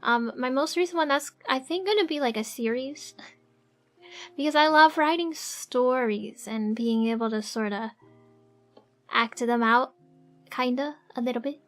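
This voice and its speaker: A woman with a high voice chats with her stream audience while sketching at her desk. She talks at an unhurried pace, soft-spoken and hesitant, full of fillers and small giggles. Her voice comes through a desk microphone. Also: soft background music. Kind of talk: casual live-stream chat.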